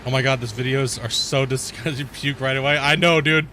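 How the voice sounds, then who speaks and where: Casual male gamer, slangy dude-and-bro talk, mid-pitched voice, faint noise in the background. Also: steady tone, fairly quick, pushed and bright. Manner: laid-back slangy chatter, says dude and bro. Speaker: gaming streamer. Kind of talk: casual let's-play commentary.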